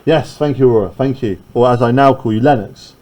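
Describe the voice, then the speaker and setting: A man's voice: medium pitch, a little fast, a little mellow, poor audio. A male teacher leading a classroom literature lesson, talking conversationally and often checking in with "right?".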